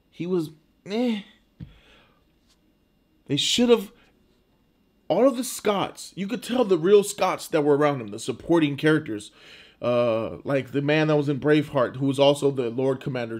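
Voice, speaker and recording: A man giving a casual, emphatic movie review, informal and often restarting his words. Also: on the high side.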